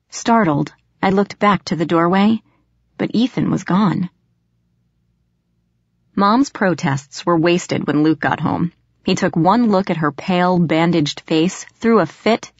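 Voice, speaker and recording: A woman's voice: lowish voice, no room sound. A woman narrating a first-person audiobook with tension, snapping sharply in her own dialogue. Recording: slightly dull lo-fi audio.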